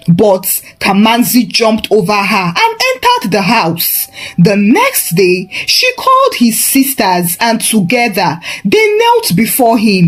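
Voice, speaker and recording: A woman narrating a folktale in a dramatic, expressive way. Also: fairly high pitch, slow pace. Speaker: storyteller.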